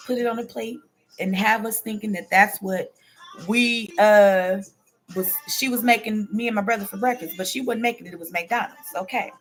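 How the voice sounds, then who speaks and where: A woman in her forties hosts a casual show, speaking at a medium pitch with a fairly bright tone. Chatty and relaxed, she tells her viewers a story and answers their comments out loud, sprinkling in "okay?" and "baby."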